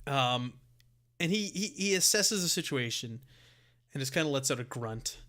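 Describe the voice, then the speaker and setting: A man's voice: mid-range voice, expressive, moderate pace, sharp tone. A man running a live tabletop game as dungeon master, explaining in an easygoing way. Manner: explaining, with restarts.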